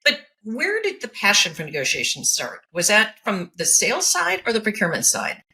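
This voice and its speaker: A woman's voice: medium pitch, huge pitch swings, moderate pace, pushed and bright, slight background noise. A woman hosting a podcast interview, complimenting her guest and asking follow-up questions. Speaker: podcast host. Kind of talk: conversational interview.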